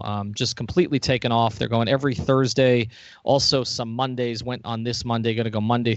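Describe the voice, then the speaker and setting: A man hosting a podcast in casual chat, upbeat and quick to joke. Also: mid-range voice, no echo, highs cut off. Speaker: podcast host.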